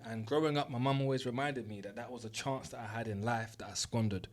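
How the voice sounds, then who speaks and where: Talking fast in a steady tone, a young man from South West London hosts a motivational storytelling monologue aimed directly at listeners. His London-accented voice sits at a normal mid pitch, and his frank, earnest telling is full of swearing as he presses his point.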